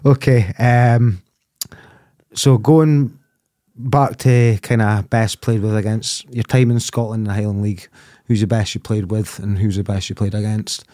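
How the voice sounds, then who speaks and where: A man's voice: lowish voice, fairly even intonation, unhurried, dark tone, dry recording, clean studio sound. A man hosting a podcast interview, asking hesitant questions and giving short encouraging replies. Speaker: podcast host. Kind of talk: casual interview.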